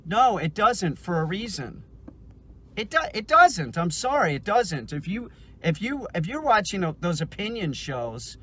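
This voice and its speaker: A man's voice: high-pitched, very animated, a little slow, a bit bright, slightly rough. A middle-aged man, a dog trainer, ranting casually and angrily for his vlog, swearing often and restarting his sentences as he talks. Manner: profane, heated, repetitive restarts.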